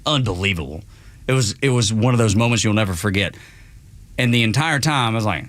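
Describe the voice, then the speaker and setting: A man's voice: on the low side, animated, a little fast, a bit bright, no room sound. Rambling, self-deprecating radio host man. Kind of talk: casual radio banter. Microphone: studio microphone.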